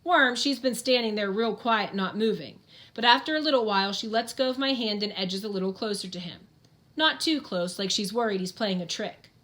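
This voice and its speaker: A woman's voice: mid-range voice, moderate pace, a bit bright. Woman narrating a first-person audiobook.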